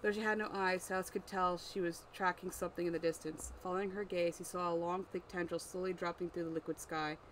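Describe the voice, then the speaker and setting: An author works through their own story aloud, narrating at an even, mid-range pitch. They stop now and then to correct slips or mutter editing notes to themselves. Faint background noise, with a passing vehicle, hums behind the voice. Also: poor audio. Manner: unhurried, pausing, correcting slips, musing aside.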